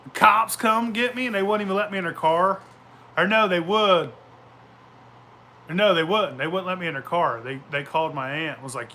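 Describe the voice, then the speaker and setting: Man, host, casual storytelling, profane, rowdy, bright forceful voice, faint background hiss. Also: high voice, moderate pace. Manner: profane, boisterous, laughs often. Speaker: show host.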